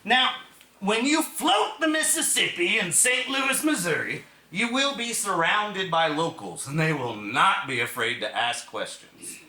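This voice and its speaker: A man from Texas tells stories in a one-man stage show, animated and conversational. His pitch is fairly high and swings widely, and his tone is bright. The sound is roomy, with faint theater ambience behind him. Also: unhurried, recorded from a distance. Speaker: solo stage performer.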